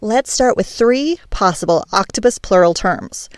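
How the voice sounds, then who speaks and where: A woman's voice: mid-range voice, expressive, measured pace. Playful emphatic woman podcast host. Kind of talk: scripted podcast monologue.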